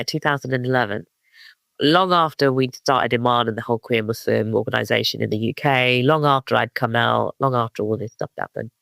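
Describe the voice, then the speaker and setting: A London-accented man in his fifties from East London rambles through stories as a guest in a casual interview, full of fillers and restarts. His medium-pitched voice is gravelly and a bit bright, with no room sound.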